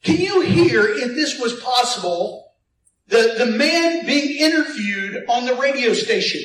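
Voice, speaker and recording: A male pastor preaching in a fairly high voice, animated and playful, calling on the congregation to answer him. The sound is roomy and echoey, and he seems set back from the mic. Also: takes it slowly, far from the mic, a little hiss or hum. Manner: animated preaching with call-and-response and playful asides. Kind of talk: sermon.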